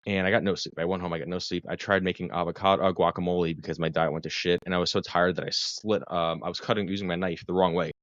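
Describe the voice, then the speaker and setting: A man's voice: low voice, steady tone, quick pace, few pauses, a bit bright, no room sound, lo-fi sound. A man, a clinician who works with first responders, telling a long personal story in casual podcast chat, swearing freely and correcting himself as he goes. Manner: profane, rambling, self-correcting storyteller. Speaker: guest, mental health clinician for first responders.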